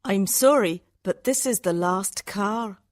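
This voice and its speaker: A man's voice: high-pitched, slow pace, voice pushed up. A man reading a story aloud, voicing an anxious young woman traveller who pleads urgently.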